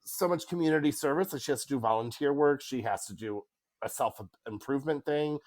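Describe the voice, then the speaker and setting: Chatty podcast dad. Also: male voice, mid-range voice, fairly quick. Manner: rambling, laughs often, restarts sentences. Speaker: podcast co-host. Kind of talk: casual chat. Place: home in Spain.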